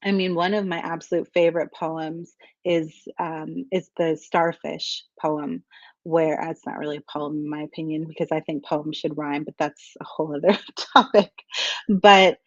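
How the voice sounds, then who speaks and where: Woman in her thirties, casual storytelling, rambling with fillers, fairly low voice, dry dull recording. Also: fairly even intonation, normal speed, no echo. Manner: rambling, many fillers and restarts, laughs often. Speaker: coach for women entrepreneurs.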